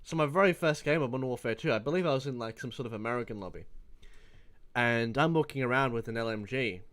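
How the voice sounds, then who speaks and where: Rambling, swearing young Australian gamer. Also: male voice, medium pitch, quick pace, a bit bright. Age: around 20. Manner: rambling, profane, laughing storyteller. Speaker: gaming YouTuber. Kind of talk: casual opinion vlog.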